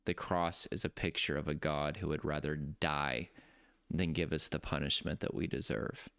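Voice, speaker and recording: Man, coach type, earnest faith talk; deep and gravelly with a smooth, dry sound. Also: steady tone, a bit bright, dry recording. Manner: earnest, preacherly, slows down for emphasis. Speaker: nervous system coach. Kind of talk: heartfelt personal faith talk.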